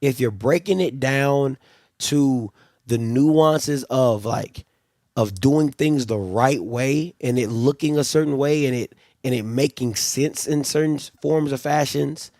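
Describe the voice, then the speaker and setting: Male livestream host, middle pitch, creaky edge, rambling and exasperated casual commentary. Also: a little slow, darkish tone, no room sound, studio quality. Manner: rambling, exasperated, repeats himself.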